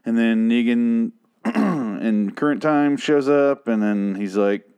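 A man's voice: mid-range voice, lively intonation, slow, a little mellow, clean tone. A man hosting a solo TV review podcast, chatting casually in a rambling, profane and jokey way. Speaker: podcast host reviewing a TV series.

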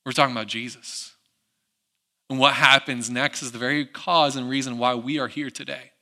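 A man preaching a sermon, who acts out the people in the story and drops to a hush on reflective lines. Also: medium pitch, fairly even intonation, normal speed. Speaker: pastor.

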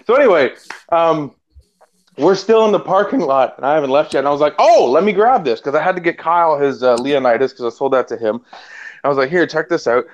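Animated man telling a story, lo-fi. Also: on the high side, fairly quick. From Canada. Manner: animated, profane, laughs often, acts out quotes. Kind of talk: casual storytelling chat. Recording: dull lo-fi sound.

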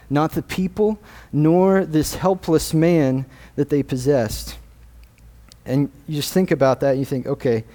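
Male guest preacher, unhurried delivery, mellow voice, earnest scripture reading. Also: on the high side. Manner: earnest, measured, reads scripture aloud. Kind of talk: sermon. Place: church sanctuary.

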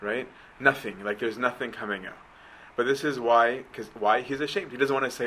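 A man's voice: mid-range voice, brisk, few pauses, sharp tone, a little hiss or hum, poor audio. A man giving a conversational sermon, often checking in with his listeners. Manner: conversational, keeps asking right?. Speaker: preacher.

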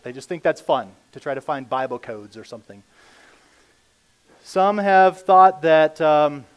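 Male pastor, casual sermon delivery, fairly high voice, emphatic then hushed. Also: clean tone. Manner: conversational preaching, reads scripture aloud, swings from emphatic to hushed.

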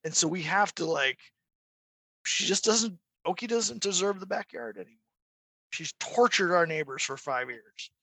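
A man chatting as a podcast guest, telling animated stories and mimicking barking dogs. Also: high voice, moderate pace, dry recording. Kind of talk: casual chat.

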